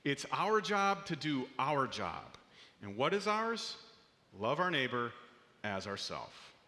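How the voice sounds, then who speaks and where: A man's voice: mid-range voice, very animated, takes it slowly, sharp tone, long reverb tail. A man preaching a sermon as a pastor, in an earnest, conversational way with small restarts, in a church auditorium.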